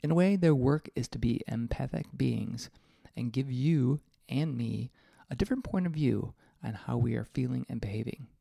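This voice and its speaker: A man's voice: medium pitch, moderate pace, creaky, warm tone, no echo, clean studio sound. A male podcast host reading a personal essay aloud in a reflective, candid, mildly profane way.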